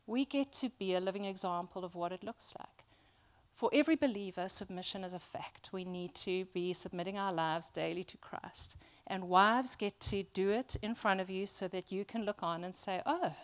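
A woman preaching a sermon to a congregation, earnest and emphatic, often restarting with ums. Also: medium pitch.

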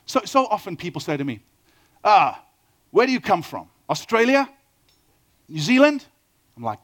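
A middle-aged man with a South African accent, preaching a sermon with lively storytelling and questions to the audience. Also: high voice, normal speed, pauses often. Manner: animated storytelling, asks the audience questions, acts out quoted dialogue. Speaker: pastor.

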